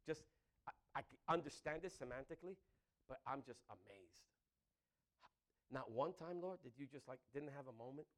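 A man preaching a sermon, animated and laughing between phrases, often asking the congregation "Amen?". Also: medium pitch, normal speed, long pauses. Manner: breaks into laughter mid-sentence.

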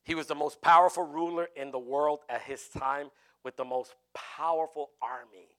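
A man preaching a sermon in an animated way, with jokey asides. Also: fairly high pitch, normal speed.

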